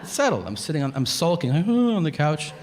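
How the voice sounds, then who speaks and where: Deadpan stand-up man in his thirties. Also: fairly high pitch, fast talker. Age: 30s. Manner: deadpan storytelling with acted-out voices. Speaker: stand-up comedian. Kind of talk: stand-up comedy set. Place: comedy club stage. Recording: live stage recording with audience noise.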